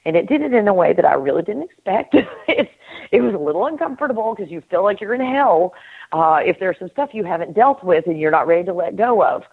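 A middle-aged woman hosting a casual spiritual conversation, earnest and animated, laughing often and acting out inner voices. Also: medium pitch, brisk, vocal fry, slightly rough. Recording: tinny phone-line call audio.

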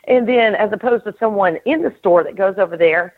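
A woman's voice: medium pitch, a little fast, hardly any pauses. Earnest middle-aged woman on a tinny phone line. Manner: earnest, animated, laughs often, acts out inner voices. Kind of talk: casual spiritual conversation.

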